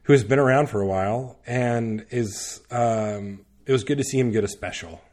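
A man's voice: medium pitch, moderate pace, a little mellow. A man chatting casually on a podcast, rambling with lots of fillers and restarts, laughing now and then. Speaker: podcast guest recommending media. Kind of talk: casual chat.

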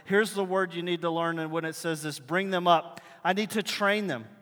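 A male pastor preaching a sermon in a high, bright voice. He talks in a conversational, animated way and acts out bits of dialogue. The sound rings with the long reverb of a big hall. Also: normal speed. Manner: animated storytelling, acting out dialogue.

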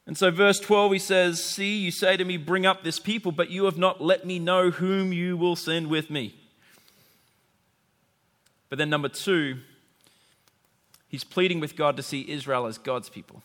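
Animated high-voiced preacher in a hall. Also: male voice, unhurried, long pauses. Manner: animated, conversational, acts out quoted voices. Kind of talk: sermon. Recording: long hall reverb.

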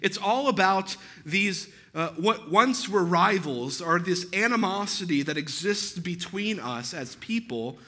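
A man's voice: sits high, lively intonation, measured pace, few pauses, bright, forceful tone. A male pastor telling a story in a sermon, chatty and self-deprecating, with frequent "right?" asides.

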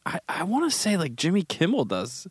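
A man's voice: a little high, wildly swooping pitch, normal speed, husky, no room sound. A man chatting casually and animatedly, swearing freely as he reacts to online posts.

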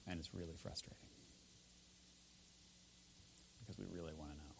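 A man preaching a sermon as pastor in a church, swinging between loud emphatic lines and quiet intense ones. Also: sits low, steady tone, racing, vocal fry, noisy background. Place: church with speakers.

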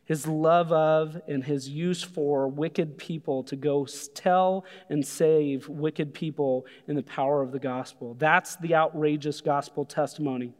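A man preaching a sermon, animated, acting out voices when he quotes people. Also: on the high side, measured pace, few pauses. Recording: long hall reverb.

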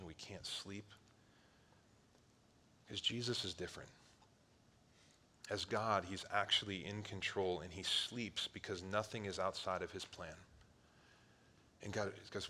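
A man in his thirties from Ohio preaching a sermon, animated, swinging between loud outbursts and hushed asides. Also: mid-range voice. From Ohio, near Cleveland. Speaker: pastor.

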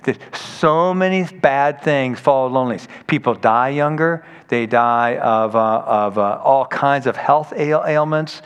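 A man's voice: medium pitch, a little slow, hardly any pauses, clear, resonant tone. A man preaching a sermon in a conversational, storytelling way, acting out quoted people as he goes. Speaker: pastor. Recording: long hall reverb.

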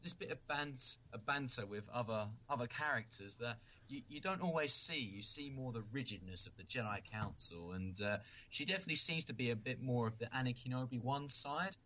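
A man's voice: medium pitch, expressive, a little fast, sharp tone, a little hiss or hum. A man co-hosting a podcast in casual chat, earnest and thinking aloud as he talks. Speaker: podcast co-host.

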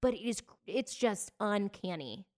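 A woman's voice: mid-range voice, expressive, unhurried, darkish tone. A woman co-hosting a podcast, telling celebrity news in a chatty, gossipy way. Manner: chatty, gossipy storytelling with bursts of laughter. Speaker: podcast co-host. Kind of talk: casual chat.

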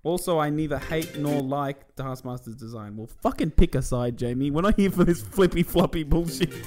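A man's voice: on the high side, moderate pace, darkish tone, faint music behind. A young man co-hosting a casual podcast, cracking jokes and laughing a lot. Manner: joking, laughs often, mock news delivery. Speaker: podcast co-host. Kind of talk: casual joking chat.

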